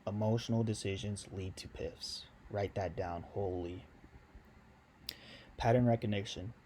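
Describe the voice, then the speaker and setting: A man's voice: on the low side, fairly even intonation, unhurried, mellow, a little hiss or hum. A young man giving a casual video lesson on sales, slangy, loose and chatty, talking straight to his viewers. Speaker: sales coach.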